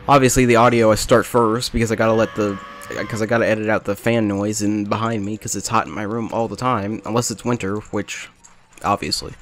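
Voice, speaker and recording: A young man giving rambling, jokey, self-deprecating commentary over a game at a home desk mic, hopping from topic to topic. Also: lowish voice. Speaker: let's play commentator. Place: small hot bedroom with a fan running.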